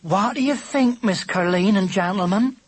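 A man's voice: high-pitched, moderate pace, slightly rough, no room sound, pitched above the performer's own voice. A man voicing a cooing female pigeon in an audiobook. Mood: cheerful. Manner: cooing, rustic. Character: chatty, motherly female pigeon.

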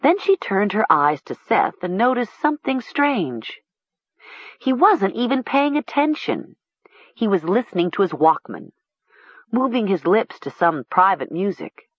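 A woman narrating a storybook in a measured, expressive way. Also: mid-range voice, slightly rough, no echo. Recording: dull lo-fi recording.

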